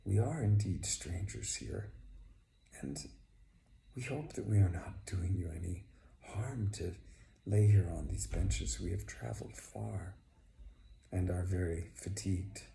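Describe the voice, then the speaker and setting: A man's voice: deep voice, unhurried, vocal fry, mellow, slight background noise, exaggerated voice. A man voicing a polite, tired young traveler who speaks humbly, in an echoey room. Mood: humble. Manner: humble and courteous.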